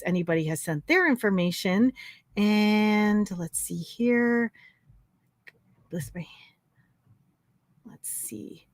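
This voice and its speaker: A woman's voice: mid-range voice, no room sound. A woman hosting a casual live stream, chatty and effusive, talking with lots of fillers. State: tearful, emotional. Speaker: host.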